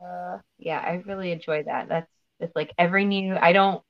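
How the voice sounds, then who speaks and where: A woman actress chatting as an interview guest, talking in an animated, storytelling way. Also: on the low side, normal speed, highs cut off. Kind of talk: casual interview chat.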